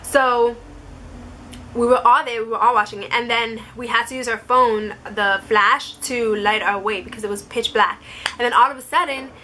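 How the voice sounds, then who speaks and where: A woman's voice: a little high, steady tone, bright, forceful tone, slight background noise. A young woman vlogger telling a personal story to camera in a casual, chatty way, full of "like" fillers. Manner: chatty, many "like" fillers, quotes others in quick asides.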